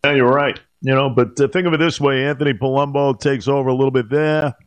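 A man hosting a talk radio show, speaking haltingly with many fillers and growing heated on politics. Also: medium pitch, steady tone, clear, resonant tone, no room sound. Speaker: radio host.

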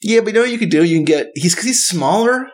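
A young man riffing with his co-host in a loose, comedic podcast chat. His pitch leaps up and down as he jokes, laughs and swears without a care. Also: animated, fast. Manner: playful, swears freely, laughs often.

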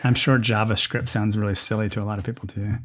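A man's voice: lowish voice, flat delivery, fast talker. A man on a podcast panel adding short dry quips in casual chat. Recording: loud crowd noise behind.

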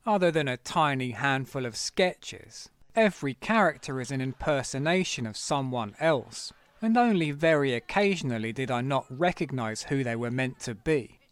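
A man reading a scripted video essay with measured, wry commentary. The recording is dry and close. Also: medium pitch, expressive, dry recording. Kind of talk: scripted narration.

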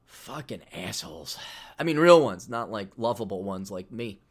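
A man's voice: mid-range voice, sing-song, moderate pace. A middle-aged man hosting a podcast, talking in a brash, sarcastic, profane way while plugging his own books. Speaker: podcast host. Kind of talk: casual podcast monologue.

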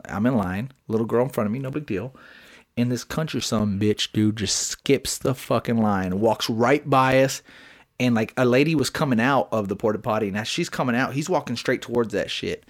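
A young man, a podcast co-host, telling a rambling, profane story in casual chat. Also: medium pitch.

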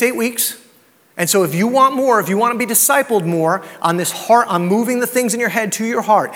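High-pitched pastor guy preaching in a church, chatty, lots of questions to the crowd, big hall echo. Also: a bit bright. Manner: conversational preaching with personal anecdotes and rhetorical questions. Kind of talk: sermon. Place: church sanctuary. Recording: long hall reverb.

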